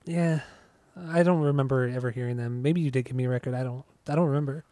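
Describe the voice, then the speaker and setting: Man, podcast host, fast talker, easygoing, dry close sound. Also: medium pitch, mellow, dry recording. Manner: easygoing, steering the talk. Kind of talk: casual chat.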